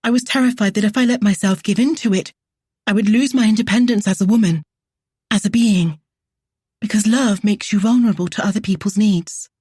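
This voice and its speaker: Impassioned heroine, earnest and shaky, husky low voice, dry sound read by a woman. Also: normal speed, long pauses, a little mellow, no echo, lightly acted. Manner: earnest, emotional, voice breaking. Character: passionate, independent woman painter, emotional. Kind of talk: audiobook character voice.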